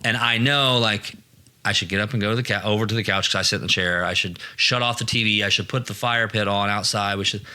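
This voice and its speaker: A man in his thirties hosts a casual podcast chat, rambling from story to story and swearing as he goes. His voice is bright and forward. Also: on the low side, steady tone, quick pace, slight background noise. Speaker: podcast host.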